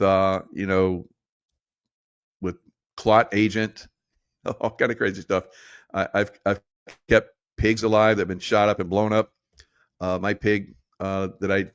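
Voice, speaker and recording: Low-voiced man, rambling conspiratorial monologue. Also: no echo, clean studio sound. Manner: rambling, conspiratorial storytelling with laughs. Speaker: show host. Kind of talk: casual monologue.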